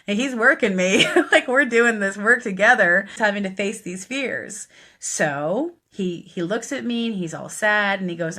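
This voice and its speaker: A middle-aged woman telling a heartfelt personal story as a death midwife, growing animated as she retells what was said. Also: medium pitch, moderate pace. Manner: heartfelt, gets animated and laughs while retelling dialogue.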